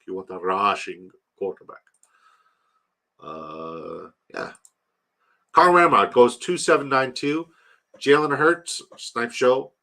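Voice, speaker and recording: A man's voice: mid-range voice, bright, forceful tone. A man live-streaming fantasy football, grading viewers' drafts in a loose, joking, sometimes profane way while rattling off lists of player names.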